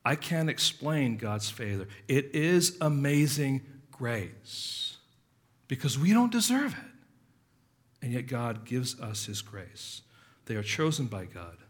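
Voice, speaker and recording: A pastor preaching a sermon with passion, his delivery swinging from loud emphasis to quiet, earnest asides. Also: mid-range voice, sing-song, takes it slowly.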